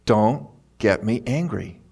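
A man's voice: on the low side, lively intonation, slow, creaky, a little mellow, husky. A middle-aged man preaching a sermon in church, conversational and self-deprecating, telling stories with chuckles. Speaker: pastor.

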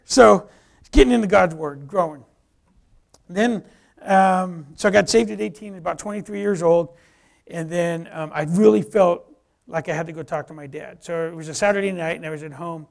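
A man tells his testimony in a lively storytelling way, with a high, gravelly voice. He acts out the dialogue and often restarts his sentences. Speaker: speaker giving a personal testimony.

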